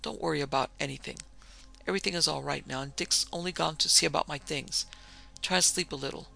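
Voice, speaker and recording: A man reading aloud, voicing a composed male doctor who speaks in a firm, measured way. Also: fairly high pitch, creaky, pushed and bright, faint music behind, exaggerated voice, poor audio. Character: calm, curt male doctor, firm but kindly.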